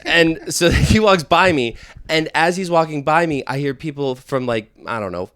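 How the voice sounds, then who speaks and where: A man in casual podcast chat, telling stories in a profane, animated way. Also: mid-range voice, a little slow. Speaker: podcast co-talker.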